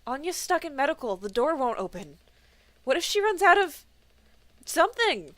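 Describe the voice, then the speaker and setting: A woman voicing a panicky, nervous young crewman who talks in a fretful, rushed way. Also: fairly high pitch, lively intonation, dry recording. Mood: panicked.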